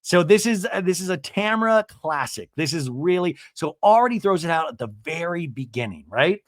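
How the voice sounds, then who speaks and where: Animated man recapping reality TV. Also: on the high side, normal speed, no room sound, studio quality. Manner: animated, chatty, asks listeners "right?". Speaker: podcast host.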